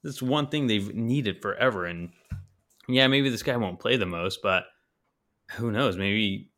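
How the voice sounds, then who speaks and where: A man's voice: on the low side, expressive, measured pace, a bit bright. A man co-hosting a casual sports podcast, talking with enthusiasm and casual slang.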